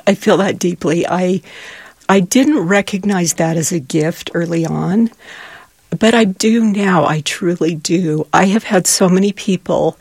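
A middle-aged woman speaks earnestly and with feeling about her volunteer work. Her voice is gravelly and a little husky. The sound is dry and close. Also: on the low side, unhurried, darkish tone, no echo. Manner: earnest, emotional, faith-filled. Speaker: charity volunteer. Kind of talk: heartfelt interview storytelling.

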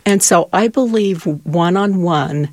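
A woman's voice: on the low side, slow pace, a little mellow, dry recording. A middle-aged woman volunteer telling heartfelt stories in an interview, earnest and emotional. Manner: earnest, emotional, faith-filled. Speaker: charity volunteer.

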